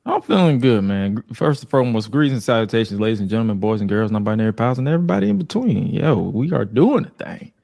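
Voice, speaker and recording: Man, podcast guest, playful upbeat chat, gravelly voice, swinging pitch. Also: lively intonation, quick pace, few pauses, mellow. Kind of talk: casual chat.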